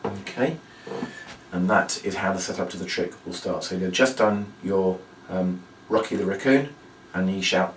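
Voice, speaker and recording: A man with a lowish voice talks through a magic trick step by step, now and then bursting into livelier patter for an imagined audience. He sounds a little distant from the mic, in a room with a roomy echo. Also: normal speed, a little hiss or hum. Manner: explains step by step, acts out the patter in a bigger voice. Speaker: magic and puppet show instructor. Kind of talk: training demonstration.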